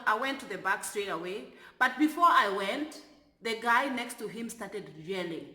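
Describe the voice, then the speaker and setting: A woman, a flight attendant, telling a story from work in an animated way that turns loud when she is exasperated. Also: medium pitch, roomy sound. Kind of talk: storytelling vlog.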